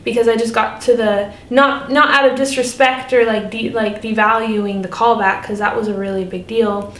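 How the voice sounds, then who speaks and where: A young woman telling a personal story in a casual vlog, earnest, animated and chatty. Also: moderate pace. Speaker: vlogger. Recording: echoey room, faint rumble.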